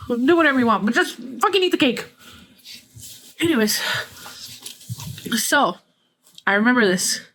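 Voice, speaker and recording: Profane, gossipy high-voiced woman host. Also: big pitch swings, measured pace, pauses often, fairly bright tone. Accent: Mexican-American English with Spanish phrases. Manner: candid, profane, gossipy, sarcastic. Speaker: podcast host. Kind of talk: casual storytelling chat.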